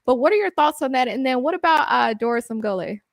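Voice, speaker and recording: High-voiced woman hosting sports chat. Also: animated, fairly quick, creaky, no room sound. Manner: chatty, laughs easily, teasing. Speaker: podcast host.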